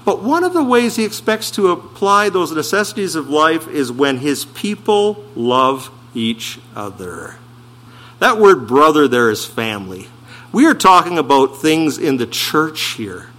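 A pastor delivers his sermon in an unhurried, deliberate way. His voice sits a little high and sounds bright and forceful. He leans on key words and puts rhetorical questions to the congregation. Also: sing-song. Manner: emphatic preaching with slowed, stressed phrases and rhetorical questions.

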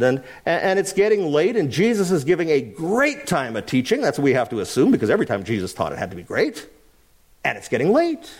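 A male pastor preaching with lots of rhetorical questions. His voice sits high and swings widely in pitch as he presses his points. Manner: animated, full of rhetorical questions. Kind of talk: sermon.

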